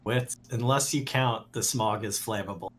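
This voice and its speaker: A man's voice: fairly low pitch, normal speed. A man playing a tabletop game who talks in a casual, easygoing way. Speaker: player.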